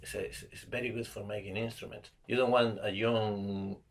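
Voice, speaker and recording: South american spanish accented guy, low gravelly voice, stops and restarts a lot, jokey podcast chat. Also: steady tone, slight background noise. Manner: halting, repeats words, joking. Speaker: guest comedian.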